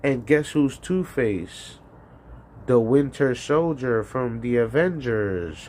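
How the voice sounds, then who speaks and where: A man's voice: mid-range voice, lively intonation, slow, darkish tone, a little hiss or hum. A man hosting a call-in livestream, rambling casually with profanity and frequent laughter. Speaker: call-in show host.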